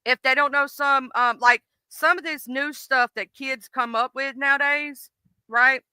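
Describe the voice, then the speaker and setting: Bright, chatty live-stream host woman. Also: high-pitched, fairly even intonation, a little slow, dry recording. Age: middle-aged. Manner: rambling, many fillers and restarts. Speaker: livestream host. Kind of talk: casual live-stream chat.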